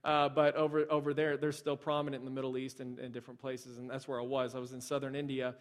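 A man's voice: mid-range voice, little pitch movement, fast talker. A male pastor from the United States preaching a casual, conversational sermon, telling stories with lots of fillers and restarts. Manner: storytelling, many fillers and restarts.

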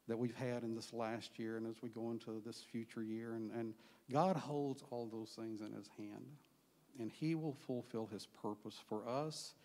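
A man in a church sanctuary gives a personal testimony and reads scripture aloud. He talks haltingly, with fillers and restarts, at a middling pitch. A long church reverb trails after his words. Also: mellow. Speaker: church member sharing a testimony.

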